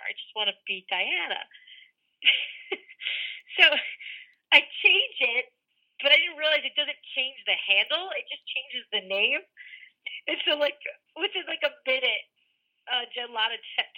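A woman sports reporter guesting on a podcast, telling stories in a playful, teasing way. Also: on the high side. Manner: playful, teasing, quick storytelling. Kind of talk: casual podcast chat. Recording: dull phone-line audio.

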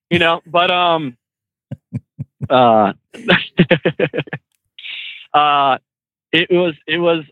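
A man who trains truck drivers, a podcast guest telling animated road stories with frequent laughs and restarts. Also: mid-range voice, dry recording, phone-quality sound. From California. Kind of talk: casual storytelling.

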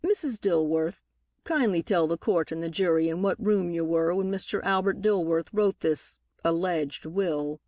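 A woman reading a novel aloud as scripted narration, lifting her pitch for the characters' lines. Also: warm tone, dry recording, clean studio sound. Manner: reads dialogue with lifted pitch for characters. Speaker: audiobook reader.

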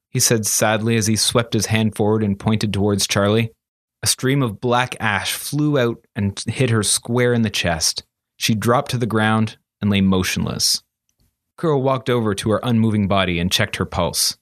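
A man narrating a fantasy story as an audiobook, steady and expressive. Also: fairly low pitch, moderate pace, dry recording, studio quality.

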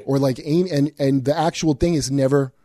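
A man's voice: medium pitch, steady tone, moderate pace, dark tone, no room sound. Rambling, profane man in casual chat. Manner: rambling, profane, with many restarts and acted quotes.

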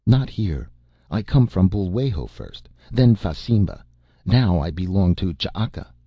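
A man's voice: sits low, big pitch swings, unhurried, slightly rough, dry recording, highs cut off, exaggerated voice. A man voicing a ragged young slave girl who speaks in a whining voice and broken phrases. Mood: plain.

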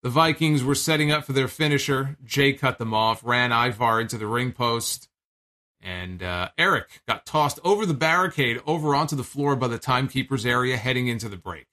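Give me a chatty man hosting a wrestling podcast, loose and rambling, with a bright, forceful voice. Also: mid-range voice, expressive, normal speed. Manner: rambling, chatty, with fillers and profanity. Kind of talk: casual recap commentary.

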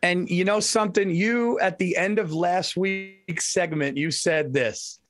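Male co-host, high voice, dry sound, heated and defensive about sports picks. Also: a little slow, no echo, soft background music. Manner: excitable, defensive, repeats himself. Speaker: podcast co-host. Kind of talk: casual sports chat.

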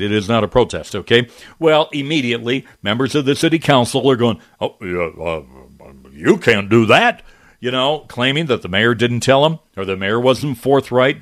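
A middle-aged man hosting a talk radio show, talking in an animated, indignant, conversational way with frequent restarts. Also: medium pitch, dry recording, studio quality. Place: radio studio.

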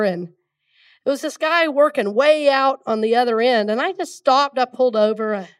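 A woman from Georgia, her voice fairly high with a clean tone, is captured on a distant mic as she preaches to a congregation. She's still congested from a cold and guides the room through call-and-response in a conversational style.

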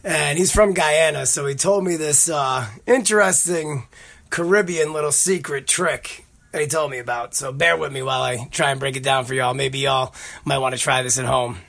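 A man's voice: mid-range voice, steady tone, normal speed, vocal fry, a bit bright. A man hosting a podcast, telling rambling, profane stories in casual chat. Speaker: podcast host.

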